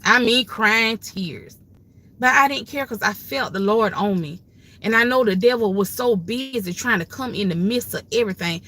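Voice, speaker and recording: A livestream host who has grandchildren offers advice in a casual, folksy, preachy, and emphatic way. Her fairly high voice has a sharp tone and a normal speaking speed.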